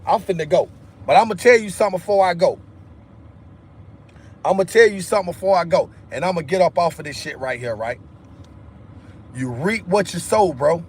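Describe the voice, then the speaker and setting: A high-pitched man vents on his livestream. He talks heatedly and profanely, circling back to the same phrases again and again. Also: animated, normal speed, breathy edge. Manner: heated, repetitive, profane ranting. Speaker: livestream host. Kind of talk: angry livestream rant.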